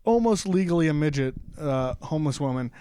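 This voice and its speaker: A man's voice: on the high side, animated, fairly quick, mellow, smooth. A man co-hosting a casual chat, laughing often and rambling through restarts. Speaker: podcast co-host. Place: apartment.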